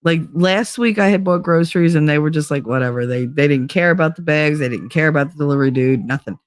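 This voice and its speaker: A woman's voice: deep voice, fast, dry recording, clean studio sound. A woman hosting a casual livestream, chatting loosely, greeting viewers by name and swearing freely. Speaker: livestream host.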